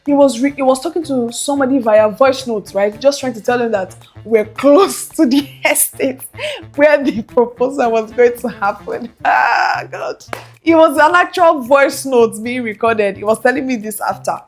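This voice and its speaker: A young woman vlogger with a high voice animatedly tells her viewers a personal story at normal speed, acting out the other people's voices. It's casual storytelling, with faint music behind her.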